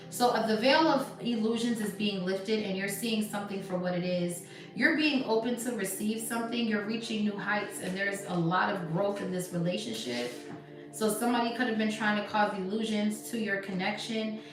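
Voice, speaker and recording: This medium-pitched woman reads tarot live, chatting slangily and casually. Her delivery is animated and emphatic, with soft, hushed stretches now and then. Music plays in the background, and the recording is echoey, her voice sitting distant from the mic.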